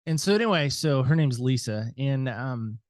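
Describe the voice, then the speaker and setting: A middle-aged American man, a podcast guest, telling a personal story with animated reenacted dialogue and "so anyway" asides. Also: medium pitch, moderate pace, no room sound, studio quality. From United States.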